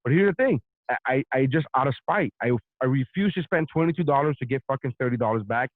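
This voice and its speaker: A man's voice: mid-range voice, fast, no room sound. Profane man ranting on a tinny line. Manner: profane, animated storytelling. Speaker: podcast host. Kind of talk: casual storytelling rant. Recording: dry, phone-like narrow sound.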